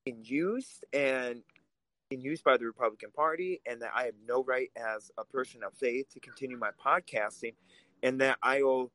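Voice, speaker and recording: A man's voice: mid-range voice, sharp tone, no echo, poor audio. A man from Russia, co-hosting a political podcast and talking in a heated, emphatic way. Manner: heated, emphatic, swears when angry. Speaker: podcast co-host.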